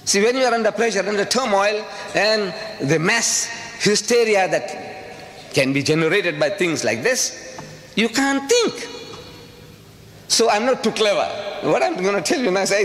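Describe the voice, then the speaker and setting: A man's voice: sits high, very animated, a little slow, a bit bright. A man from South Africa giving a public lecture, talking emphatically with repeated rhetorical questions. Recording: reverberant hall with faint ambient noise.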